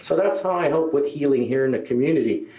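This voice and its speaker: A middle-aged man doing a stand-up comedy set, telling a long story and jumping into higher voices for the people he quotes. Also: lively intonation, fast, mellow. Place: live show venue. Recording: echoey live room.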